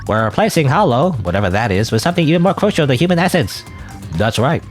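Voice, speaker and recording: A man's voice: mid-range voice, big pitch swings, fast talker, faint music behind, close to an everyday voice. A man voicing a group of grumpy costumed trick-or-treaters in a whiny, demanding way.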